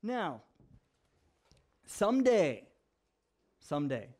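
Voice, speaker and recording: A young adult man, a pastor, telling stories in an animated sermon that moves from hushed to loud. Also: sits high, extremely slow. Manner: animated storyteller, swings from hushed to loud and laughing. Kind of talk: storytelling sermon.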